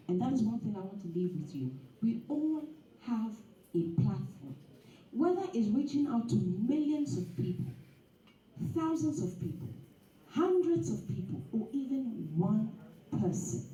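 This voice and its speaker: A woman giving an animated, preachy motivational talk at a dinner event. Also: on the high side, dull audio. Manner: animated and preachy, with laughs and acted asides. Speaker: guest speaker. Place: event hall. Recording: echoey hall, speaker far from the mic.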